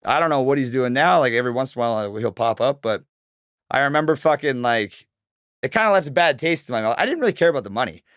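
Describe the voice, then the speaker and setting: A man's voice: mid-range voice, animated, fast, a bit bright, clean tone, no echo. Man, thirties, casual swearing storyteller, dry close sound. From Northern Canada. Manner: laid-back, heavy swearing, fillers like "like". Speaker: podcast guest.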